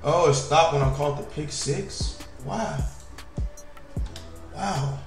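A fairly high-pitched man talks over a video game in a slangy, animated way, often jumping to loud outbursts. The voice sits in a roomy, echoey space. A faint music bed runs underneath. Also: slow pace, long pauses. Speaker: gaming YouTuber. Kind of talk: casual gameplay commentary.

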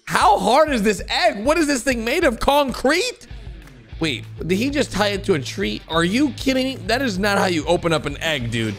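A young man hosting a gaming channel, giving excitable reaction commentary with lots of exclamations and "bro". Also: sits high, moderate pace, soft background music. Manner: animated, exclaiming, calls viewers bro.

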